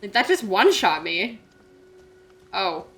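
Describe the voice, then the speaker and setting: Chatty woman game streamer, bright tone, playful live commentary. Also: medium pitch, sing-song, measured pace, faint music behind. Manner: chatty, joking, reacts aloud.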